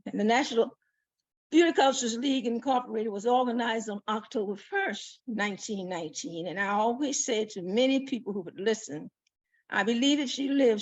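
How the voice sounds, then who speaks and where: A woman who leads an organization, speaking as a panel guest over a video call in a gracious, measured, formal way. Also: mid-range voice, no room sound. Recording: dull, dry, lo-fi call audio.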